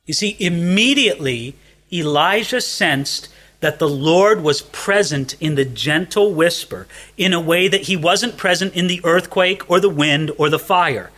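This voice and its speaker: A man preaching a sermon in a high, bright voice. He is earnest, dropping to a hush and then lifting into emphasis. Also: unhurried. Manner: earnest, shifts between hushed and emphatic.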